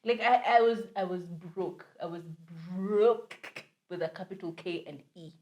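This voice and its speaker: A woman's voice: mid-range voice, moderate pace, darkish tone. A young Kenyan woman, a podcast co-host, telling a story in casual chat, mixing English with Swahili slang.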